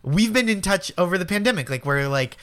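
A man from Eastern Massachusetts with a local accent, a comedian guest chatting casually, self-deprecating and quick to laugh. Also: sits high, lively intonation, fairly bright tone. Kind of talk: casual chat.

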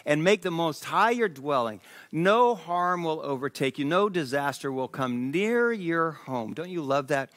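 Animated male pastor telling a story. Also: on the high side. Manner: animated storyteller, reads scripture slowly. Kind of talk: sermon with storytelling.

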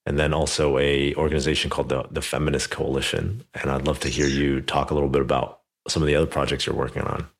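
His voice is very deep and creaky, and he talks quickly with hardly any pauses. As a podcast host in an interview, he shares a personal story animatedly, leaning heavily on "like" and "you know."

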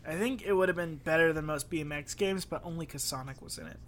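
A young man co-hosts a casual podcast, goofy and self-deprecating, throwing in crude jokes. His voice is bright and forceful with a slightly high pitch. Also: quick pace. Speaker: podcast co-host.

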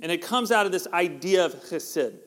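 A man's voice: sits high, lively intonation, normal speed, fairly bright tone. A middle-aged man, preaching a conversational sermon that jokes with the congregation. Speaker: pastor. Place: church sanctuary. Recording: long hall reverb.

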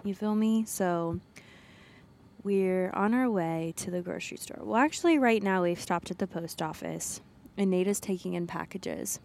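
A woman's voice: on the low side, normal speed, vocal fry, a little mellow, a little hiss or hum. A woman podcast co-host chatting casually on her own from a parked car, rambling and laughing at herself. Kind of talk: casual solo chat.

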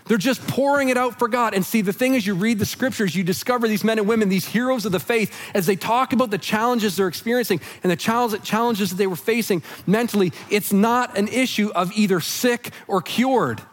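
A man preaching a sermon in church, earnest and conversational, often dropping soft and low on heavy lines. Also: fairly quick, hardly any pauses. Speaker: pastor.

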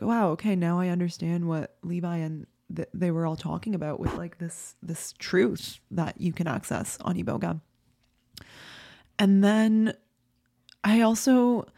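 A woman speaks candidly to her viewers in a warm, mellow voice, sitting a little low in pitch. She talks in a loose, filler-heavy way and is tearful at times. The recording is dry and close. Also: no echo. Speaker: vlogger. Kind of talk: personal storytelling to camera.

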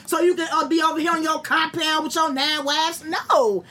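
A young adult woman telling a profane, animated story to friends and acting out the quotes. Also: high-pitched, normal speed, crowd noise.

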